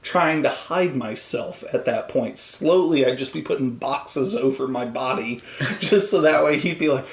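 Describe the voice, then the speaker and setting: A man's voice: medium pitch, moderate pace, creaky. A man co-hosting a podcast in casual chat, rambling and swearing, acting out quoted voices as he tells stories. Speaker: podcast co-host. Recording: roomy echo.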